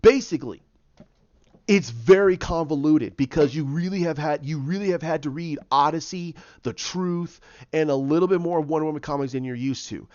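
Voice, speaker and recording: At a moderate pace, a man with a fairly high voice retells a comic book story in a casual, animated way. He voices the characters and restarts frequently; the audio is dry, muffled, and lo-fi.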